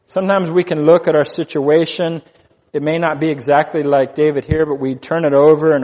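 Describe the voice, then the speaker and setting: A man's voice: a little high, steady tone, moderate pace, darkish tone, in a large hall. A man preaching a sermon as pastor, earnest, repeating key phrases for emphasis.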